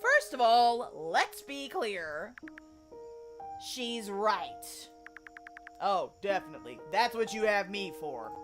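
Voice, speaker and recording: A woman's voice: mid-range voice, sing-song, slow, over music. A woman with a Southern US accent giving playful, laughing commentary while playing through a visual novel. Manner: playful, laughing, teasing asides. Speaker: streamer. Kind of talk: casual let's-play commentary.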